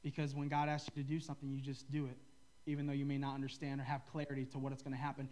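A man's voice: mid-range voice, completely flat delivery, rapid-fire, darkish tone, slight background noise. A man preaching a sermon as a pastor, in a loose, conversational way, joking with and teasing his listeners. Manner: conversational, joking, ribs the audience.

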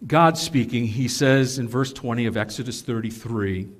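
A man's voice: medium pitch, moderate pace. Earnest man preaching a sermon. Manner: earnest, emphatic teaching with restarts and asides. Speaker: pastor.

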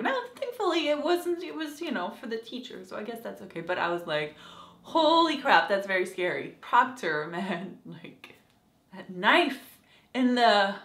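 Young woman vlogger, bright and lively, gushing TV recap, echoey room. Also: medium pitch. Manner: animated and gushing, acts out quotes. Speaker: TV episode reviewer. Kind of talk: casual vlog review.

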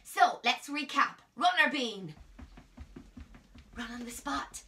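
A fairly high, animated voice with a sharp tone comes from an Irish woman teaching drama to small kids at home. She speaks at a slow pace with long pauses, playful and coaxing, often whispering, and a phone camera records her from a distance.

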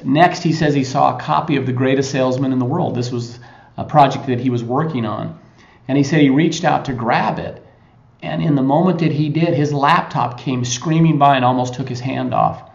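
A man hosting a motivational podcast, retelling a story in a conversational way with frequent pauses. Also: mid-range voice, vocal fry, a little mellow. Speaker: podcast host. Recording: echoey lo-fi recording.

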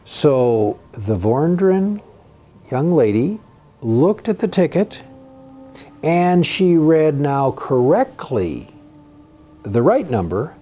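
A man in a documentary interview, telling an anecdote in a steady, matter-of-fact way. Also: on the high side, takes it slowly, long pauses, faint music behind.

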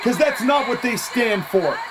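Excitable wrestling commentator over background noise. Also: medium pitch, unhurried. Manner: excitable, laughs often, openly partisan.

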